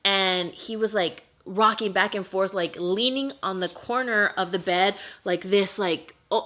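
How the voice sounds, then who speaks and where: A woman's voice: mid-range voice, normal speed, few pauses, fairly bright tone. A young woman talks straight to her viewers in a casual storytime vlog, recounting a paranormal experience. She is chatty and emotional, with plenty of filler words. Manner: chatty, emotional, heavy use of "like". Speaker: vlogger.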